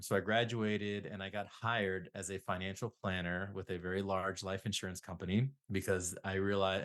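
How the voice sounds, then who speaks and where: A man's voice: deep voice, fairly bright tone. A middle-aged man, a psychotherapist guest, telling rambling self-deprecating stories in a casual interview.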